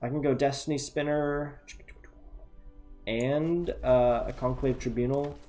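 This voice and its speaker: A man giving relaxed, chatty play-by-play of a card game, thinking aloud and muttering asides to himself. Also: mid-range voice, measured pace, soft background music. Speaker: gameplay commentator.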